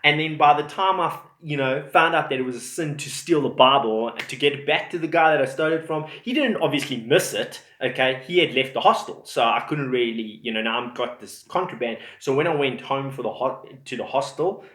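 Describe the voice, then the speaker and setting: A man's voice: mid-range voice, a little fast, hardly any pauses. Man, casual storytelling, rambling, echoey room. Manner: rambling, animated, many fillers. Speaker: vlogger telling his testimony.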